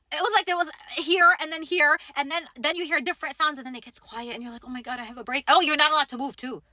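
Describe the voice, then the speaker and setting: A young woman telling a personal story to camera in a casual, animated way, acting out what she thought and said. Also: high voice, no room sound. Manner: animated, dramatic retelling with quoted inner voice. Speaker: vlogger.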